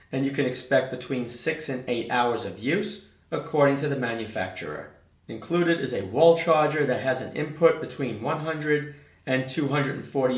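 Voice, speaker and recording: A man presenting a product review, explaining features in a methodical, detail-focused way. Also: medium pitch. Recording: roomy echo.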